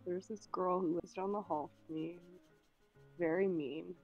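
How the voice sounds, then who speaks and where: Young female guest, lowish voice, chatty and rambling, faint music bed. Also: steady tone, unhurried, darkish tone, dull audio. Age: young adult. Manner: rambling storyteller, many "like"s, giggly. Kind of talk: casual chat on a stream.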